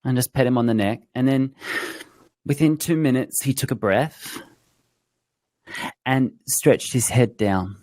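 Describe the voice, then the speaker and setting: A man's voice: medium pitch, measured pace, pauses often, darkish tone, dry recording. A man guest on a podcast, telling stories in a reflective, conversational way and acting out his horse's thoughts. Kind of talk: conversational storytelling.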